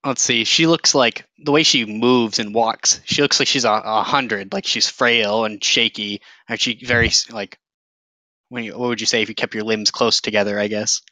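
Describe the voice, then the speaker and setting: A man's voice: lowish voice, steady tone, moderate pace, pushed and bright, dry recording, low-quality recording. Young man running a tabletop game. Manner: casual, hesitant, many fillers. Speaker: game master. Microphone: voice chat microphone.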